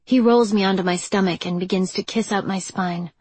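A woman narrating a first-person romance audiobook in an expressive, breathy style. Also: mid-range voice, fairly quick, dry recording.

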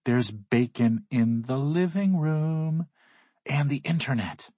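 A man voicing a teenage girl who talks in a lively, teasing way. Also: sits low, normal speed, husky, no room sound. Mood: cheerful. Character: upbeat teenage girl, the narrator's girlfriend.

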